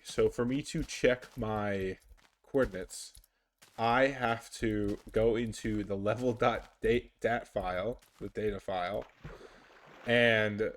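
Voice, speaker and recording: A man talks over his gameplay in an unhurried, drawn-out way. His voice sits on the lower side, and he rambles, trails off and restarts with plenty of fillers. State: sleepy, yawning. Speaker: gaming YouTuber. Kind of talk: casual gameplay commentary.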